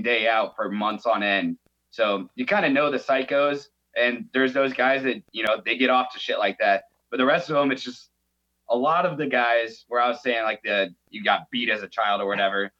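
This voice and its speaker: A man's voice: medium pitch, sharp tone. A man with a mid-range voice, heard through dull lo-fi audio. He rambles casually, dropping curses and fillers while he talks about the military. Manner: rambling, profane, lots of fillers. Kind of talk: casual podcast chat.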